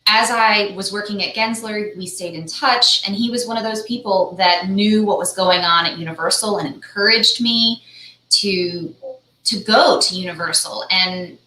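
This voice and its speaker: Bright-voiced woman in an echoey room. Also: medium pitch, moderate pace. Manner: earnest, grateful, frequent restarts. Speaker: guest, architect and project manager. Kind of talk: interview answer, personal story.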